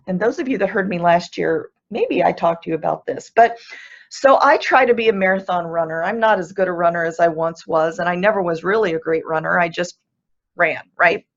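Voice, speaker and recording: A woman's voice: on the low side, lo-fi sound. A woman speaking as guest speaker in a webinar, earnest and upbeat, walking through numbered tips. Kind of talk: motivational webinar talk.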